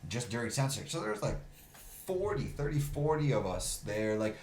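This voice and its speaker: A man's voice: medium pitch, sing-song, normal speed, darkish tone. A man casually telling a rowdy story on a podcast, laid-back and swearing often. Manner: laid-back, swears often, quotes others in his own voice. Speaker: podcast guest, rapper. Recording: echoey room, faint background noise.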